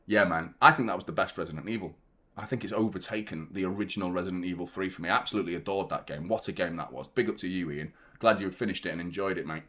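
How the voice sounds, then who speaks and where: Guy hosting a footy watchalong, chatty and nervy, giving shout outs to chat. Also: low-pitched, quick pace. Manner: chatty and excitable, nervous before the match. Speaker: host of a football fan channel. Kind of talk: live watchalong chat reading viewer messages. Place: hot glass-walled room.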